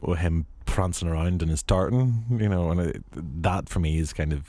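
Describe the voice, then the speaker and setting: Deep dry-sounding guy hosting a film podcast, lots of ums and restarts. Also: dark tone, no room sound. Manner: halting, many fillers and restarts. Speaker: podcast host. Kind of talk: casual film discussion.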